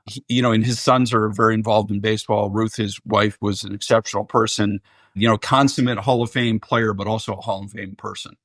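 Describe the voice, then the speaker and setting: A man's voice: lowish voice, fairly even intonation, fairly quick, fairly bright tone, dry recording. Earnest middle-aged man, dry close sound. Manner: earnest, reflective, lots of restarts. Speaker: guest, baseball general manager. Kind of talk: podcast interview.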